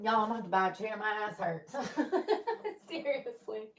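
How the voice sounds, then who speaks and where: A woman's voice: medium pitch, expressive, normal speed, slight background noise. A young woman vlogging to camera in casual chat, chatty and joking, swearing freely.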